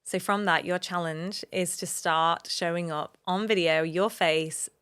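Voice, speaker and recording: A woman's voice: on the low side, fairly even intonation, unhurried, fairly bright tone, clean tone. Earnest woman hosting a motivational podcast. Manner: earnest, open, motivational, speaks of personal experience. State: emotional at times. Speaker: podcast host. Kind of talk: solo podcast talk.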